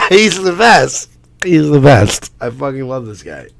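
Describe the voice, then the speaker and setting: A man hosting a radio show reacts to video clips in casual commentary, laughing, swearing a lot and staying animated. His voice is high and creaky, and he speaks at a slow pace.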